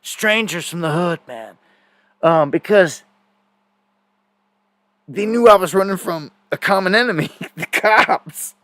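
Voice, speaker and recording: A man's voice: high voice, animated, slow, long pauses, a bit bright, dry recording. A man hosting a live news stream, telling stories in a rambling, casual way with many fillers and repeated words.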